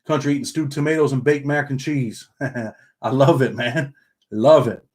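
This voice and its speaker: A man's voice: medium pitch, fairly even intonation, moderate pace, darkish tone. A man from upstate New York with a Southern country twang, hosting a casual livestream, reading the chat aloud and tacking "man" onto the end of his sentences.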